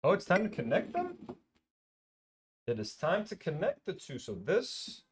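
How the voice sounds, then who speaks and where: A man's voice: sits high, wildly swooping pitch, measured pace. A man streaming live, chatting casually and thinking aloud, with plenty of swearing.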